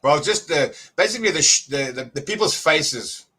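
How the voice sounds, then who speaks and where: A middle-aged man, excitedly telling a story as a guest, halting and restarting often. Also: fairly high pitch, husky, low-quality recording. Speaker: guest church member. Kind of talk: casual testimony.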